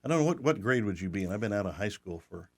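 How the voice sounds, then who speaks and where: Older guy hosting a podcast, kinda low voice, folksy and jokey. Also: lively intonation, quick pace. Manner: folksy, joking, restarts often. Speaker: podcast host. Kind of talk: casual podcast chat.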